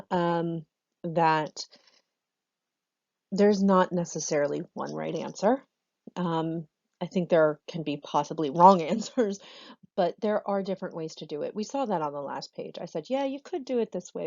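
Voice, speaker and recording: A woman's dark, gravelly voice teaches a drama lesson in a chatty, self-correcting way, laughing often. The recording is dry and dull. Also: deep voice, no echo.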